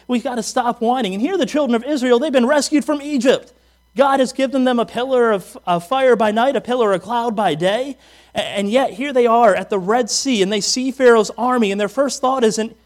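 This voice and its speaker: High-voiced male pastor preaching. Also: a little fast. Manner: reads scripture aloud, then preaches with animated acted-out quotes. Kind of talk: sermon.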